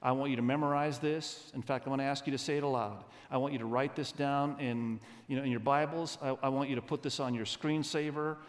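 Animated preacher in a big reverberant church. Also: male voice, mid-range voice, brisk, few pauses. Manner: animated preaching, leads the congregation in call-and-response. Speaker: pastor. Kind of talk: sermon. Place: large church. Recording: church sound with long hall reverb.

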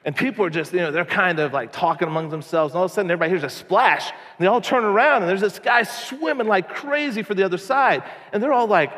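A man preaching a sermon, telling stories in a conversational, animated way. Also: high-pitched, a little fast. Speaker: pastor. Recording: long hall reverb.

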